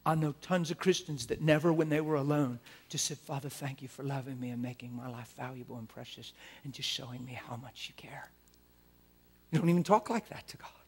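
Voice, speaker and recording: A man preaching a sermon, modeling prayers aloud and moving between hushed murmured prayer and loud, fervent declaration. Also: medium pitch, a little fast, slightly rough.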